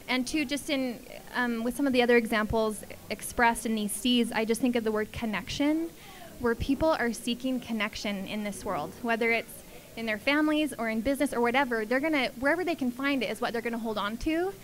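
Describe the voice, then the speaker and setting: A woman's voice: fairly high pitch, brisk. A woman in the audience sharing a spontaneous comment, thinking aloud hesitantly with many ums. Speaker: audience member.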